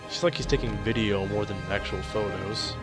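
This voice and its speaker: A man's voice: fairly low pitch, brisk, over loud music. A young man joking and chatting casually while commenting on a game. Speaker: gameplay commentator.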